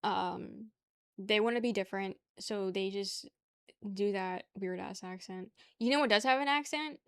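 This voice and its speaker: A woman's voice: mid-range voice, measured pace, clean tone, dry recording, clean studio sound. A young woman from the New York area chatting casually with her stream chat, joking, laughing and rambling.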